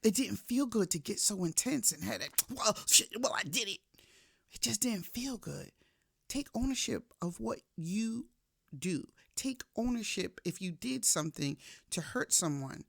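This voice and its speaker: A woman giving a faith-based motivational talk in a casual, conversational way, shifting from soft reflection to emphatic storytelling. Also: medium pitch, lively intonation, a little slow, vocal fry, breathy edge, no room sound, clean studio sound. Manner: casual, conversational, addresses listener directly. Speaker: motivational speaker.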